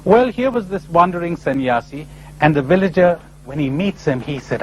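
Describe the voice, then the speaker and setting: A man delivers a spiritual lecture with stories. His voice sits a little high and swings widely, playful one moment and emphatic the next. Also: normal speed, a little hiss or hum, low-quality recording. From India. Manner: animated storyteller, playful and emphatic. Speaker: spiritual speaker.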